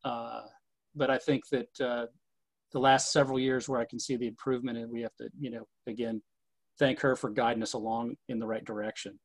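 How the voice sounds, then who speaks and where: A man chats casually and rambles, piling up fillers and restarting his sentences. His voice sits at a middling pitch. The sound is dry and close, with no room echo. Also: level tone, a little fast. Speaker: historic distillery manager. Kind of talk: casual conversation.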